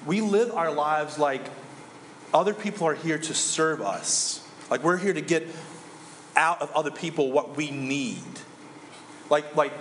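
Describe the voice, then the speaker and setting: A man's voice: on the high side, measured pace, a bit bright, a little hiss or hum. A man in his thirties preaching a sermon as a pastor, conversational, often asking the audience questions. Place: church hall. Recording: echoey church hall.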